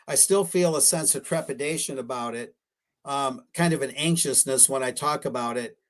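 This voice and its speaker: On a live-streamed radio interview, a guest researcher speaks in a fairly high voice. His answers are rambling and hesitant, full of fillers and frequent self-corrections.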